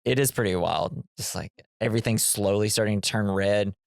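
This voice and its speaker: A man's voice: fairly low pitch, fairly quick, creaky, no echo, studio quality. A man co-hosting a casual movie podcast, rambling and acting out characters' lines. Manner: rambling, acts out quoted lines. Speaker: podcast co-host. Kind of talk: casual movie review chat.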